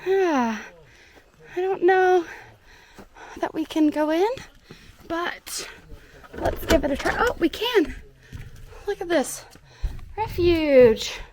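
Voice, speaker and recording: Woman, Southern accent, young adult, high voice, chatty, cheerful, walking outdoors, faint background noise. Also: lively intonation, slow pace, pauses often. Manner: chatty, cheerful, laughs often. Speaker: hiking vlogger. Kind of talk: casual hiking vlog narration. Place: outdoors on a trail.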